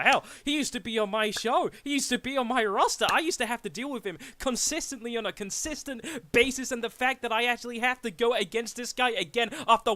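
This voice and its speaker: A man speaking as a wrestling champion at a press conference, delivering a heated, taunting trash-talk promo that swells into shouting. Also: very high-pitched, dry recording.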